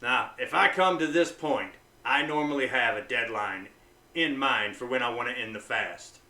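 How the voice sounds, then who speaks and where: A blunt, profane man talks straight to camera in a bright, forceful voice. He swings from loud hype to low, intense talk. He stands back from the mic in an echoey room. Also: moderate pace, far from the mic. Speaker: vlogger on fasting. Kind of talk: casual motivational talk to camera.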